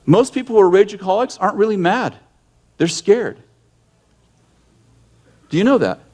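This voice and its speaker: Animated man giving a conversational sermon. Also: high-pitched, moderate pace. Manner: animated storyteller who acts out yelling scenes; direct and emphatic, with frequent restarts. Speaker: ministry leader and teacher.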